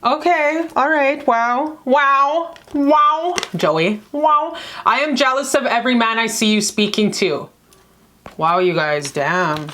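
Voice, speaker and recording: A woman's voice: sits high, takes it slowly, sharp tone, slight background noise. A woman giving a casual tarot reading to her viewers, effusive and affectionate, with lots of profanity and emphatic repetition. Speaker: tarot card reader.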